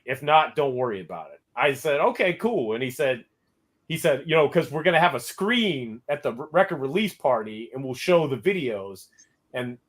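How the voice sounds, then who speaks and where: A man hosting a podcast, telling a story in a casual way and quoting people in lively voices. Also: medium pitch. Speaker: podcast host.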